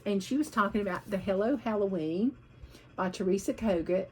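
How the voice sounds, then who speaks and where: A woman's voice: medium pitch, moderate pace, dark tone, slight background noise, low-quality recording. A woman vlogging about her cross-stitch projects in a chatty, rambling way, hopping from one topic to the next.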